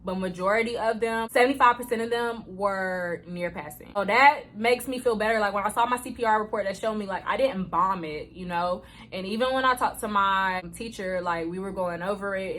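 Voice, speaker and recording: In a casual vlog, a young woman in her twenties tells the camera a personal story, chatty and emotional, moving from anxious to deflated. Her medium-pitched voice is a bit bright, she leans heavily on "like" and "y'all," and there's a slight hiss or hum.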